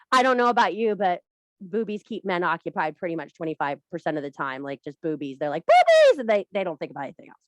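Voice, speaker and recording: A woman leading a workshop who retells an old story in a profane, animated lecture and speaks straight to her audience. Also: mid-range voice, no echo. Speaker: workshop leader.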